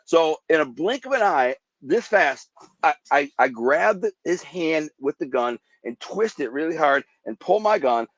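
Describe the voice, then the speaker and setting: A male podcast guest with a fairly high, lively voice tells vivid life stories at a measured pace, acting out gunfire with his own sound effects. The recording is dry and lo-fi.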